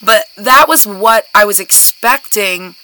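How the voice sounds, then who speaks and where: A woman co-hosting a podcast in casual chat, relaxed and laughing, rambling through her explanations. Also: medium pitch, slow pace, low-quality recording. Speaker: podcast co-host.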